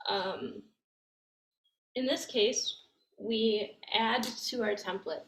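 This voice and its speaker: A woman teaches language grammar very slowly, explaining each step patiently and thinking aloud with many fillers. Her mid-range voice is fairly bright. The room is echoey, with faint noise in the background.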